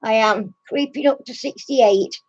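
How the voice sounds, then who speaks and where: A woman's voice: fairly high pitch, measured pace, darkish tone, highs cut off. A woman in her sixties, out of breath, chatting casually and giggling with live stream viewers, greeting them by name. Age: 60s. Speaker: craft channel host.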